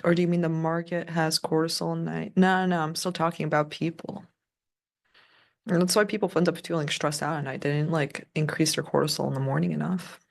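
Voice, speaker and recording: A woman's voice: low-pitched, steady tone, brisk, gravelly. A young woman casually chatting as a co-host of a live trading stream, rambling with lots of fillers and restarts. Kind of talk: casual livestream chat.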